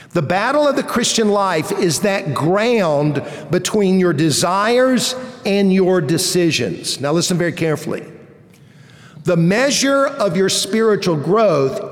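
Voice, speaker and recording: High-voiced male pastor preaching in a hall. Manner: asks the congregation questions, emphatic repetition. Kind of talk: sermon. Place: large church auditorium.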